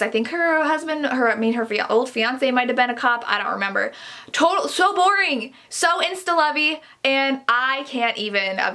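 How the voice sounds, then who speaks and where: A woman's voice: on the high side, bright, forceful tone. A young woman chatting casually about books she read this month, rambling and gushing, often exasperated. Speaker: book vlogger. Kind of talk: casual book review chat.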